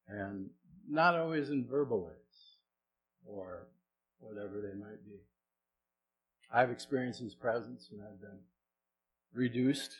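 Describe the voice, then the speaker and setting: A middle-aged man, a pastor, preaching a sermon in a conversational way, asking the congregation questions and moving between soft and loud delivery. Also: fairly low pitch, takes it slowly, pauses often, slight background noise, poor audio.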